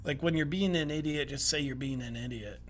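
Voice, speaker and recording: A man's voice: a little high, fairly quick, soft background music. A male podcast host giving sarcastic political commentary in a mocking, wry manner. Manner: mocking, wry, breaks into laughter.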